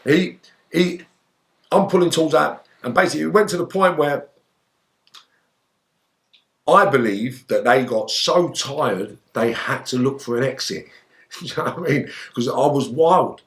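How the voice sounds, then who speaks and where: A man, telling his story as an interview guest. He talks in a lively way, swears freely and acts out what people said. His voice sits at a middling pitch. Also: measured pace, long pauses. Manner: animated, swearing, acts out shouted quotes.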